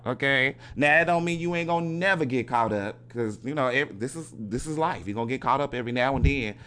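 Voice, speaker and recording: Animated man hosting a podcast. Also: mid-range voice, brisk, hardly any pauses, smooth. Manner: animated, peppers every point with "okay?", laughs often, swears freely. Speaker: podcast host. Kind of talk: casual spiritual podcast monologue.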